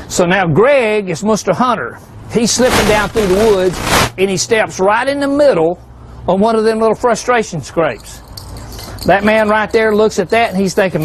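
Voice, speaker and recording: A man with a high voice, speaking at normal speed, leads a folksy, joking hunting seminar and keeps firing rhetorical questions at a live audience. There's a little hiss or hum on the recording.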